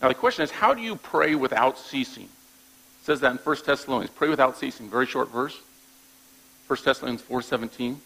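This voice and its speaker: Male pastor, gravelly mid-pitched voice, plainspoken conversational sermon delivery. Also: fairly quick, pushed and bright, poor audio. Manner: conversational preaching with frequent "all right?" check-ins; repeats words when restarting thoughts.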